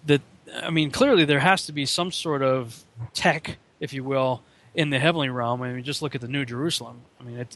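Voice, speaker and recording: A man's voice: medium pitch, fairly bright tone. A man hosting a radio talk show and interviewing a guest in a casual way, his voice jumping up when he quotes others.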